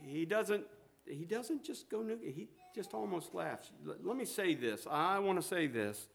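Middle-aged male preacher, expressive pitch, folksy storyteller, warm humor. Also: measured pace, gravelly, slightly rough. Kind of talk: sermon.

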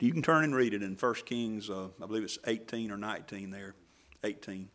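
A man preaching a sermon in a folksy manner, acting out quoted voices and swinging from loud emphasis to near whisper. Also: mid-range voice, animated, a little fast.

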